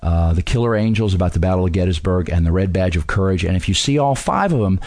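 Brief: man with a low voice, casual reviewer, halting delivery, dry close sound. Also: lively intonation, darkish tone, no echo. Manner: halting, many fillers and restarts. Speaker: film reviewer and history commentator.

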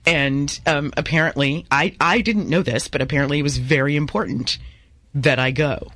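A woman's voice: low voice, a bit bright, dry recording. A woman co-hosting a show in casual banter, playful and teasing. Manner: playful, teasing, quick to laugh. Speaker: co-host.

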